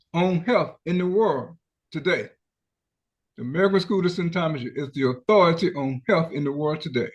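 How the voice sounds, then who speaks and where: A male radio host with a slightly high voice delivers his health show in a preacherly manner. He keeps turning to his listeners as brothers and sisters. He talks into a studio microphone.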